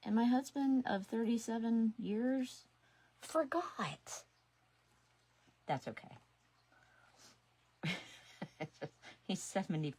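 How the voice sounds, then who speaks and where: On a live craft stream, a woman in her sixties who works with resin chats away and talks to herself while working. Her voice is a little high, mellow and slightly rough, with lively intonation, a slow pace, and frequent pauses.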